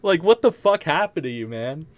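A man's voice: a little high, sing-song, moderate pace, no room sound. A man doing casual reaction commentary on a call, swearing freely and mocking with laughing asides. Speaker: commentary streamer.

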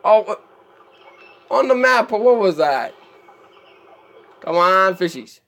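A man's voice: high voice, lively intonation, slow, creaky, a bit bright. A man streaming live gameplay commentary, chatty and easily exasperated, laughing often at what happens on screen.

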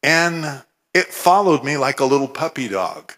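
A man from Oregon giving a humorous, animated testimony sermon, with scripture recited fervently. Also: mid-range voice, measured pace. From Oregon, USA. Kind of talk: storytelling sermon.

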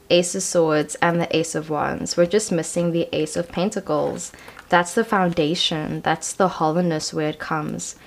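Young woman, tarot reader, casual slangy chat, slightly low voice. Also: vocal fry. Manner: chatty and slangy, many "like" and "I feel like". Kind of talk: casual tarot card reading.

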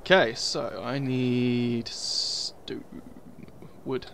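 A man's voice: mid-range voice, fairly even intonation, very slow, gravelly, a bit bright, slight background noise. A young man giving casual, sweary commentary over a survival game, muttering asides to himself. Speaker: gaming video host.

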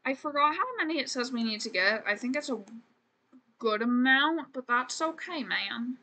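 Her voice sits high and sounds animated and sharp, moving at a moderate pace. She's a woman streamer running casual, self-deprecating, chatty commentary over a life-sim game, with plenty of "man" and "frickin'."

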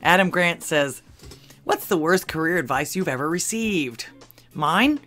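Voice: medium pitch, animated, unhurried, fairly bright tone, soft background music. Dry-witted host reading funny posts aloud. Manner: dry asides between readings, chuckles at jokes. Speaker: channel host. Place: home in Texas.

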